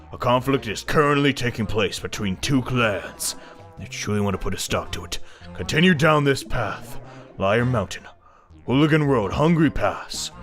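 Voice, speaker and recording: Here is a proud underworld champion from a video game, voiced by a man reading along, speaking in a lowered, stern tone. He commands rather than asks, with a slow, weighty delivery and lively rises in the voice.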